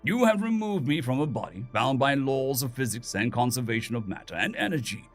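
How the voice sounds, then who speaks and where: A man voicing a defiant dead atheist who stays calm and coldly confident, asking one probing question after another. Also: mid-range voice, brisk, soft background music.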